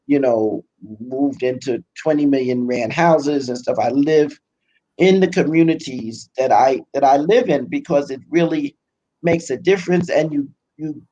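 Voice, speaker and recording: An older woman with a Brooklyn accent, chatting as an interview guest, self-deprecating and quick to laugh. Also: low voice, warm tone, low-quality recording. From Brooklyn, United States. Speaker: pastor and biblical scholar, guest. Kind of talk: casual conversational interview.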